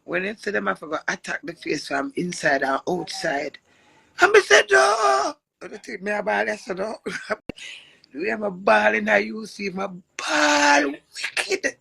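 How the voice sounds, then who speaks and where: A woman's voice: medium pitch, vocal fry, breathy edge, no echo. A middle-aged Jamaican woman chatting casually on a live stream, telling stories and laughing often. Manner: animated storytelling with frequent laughs.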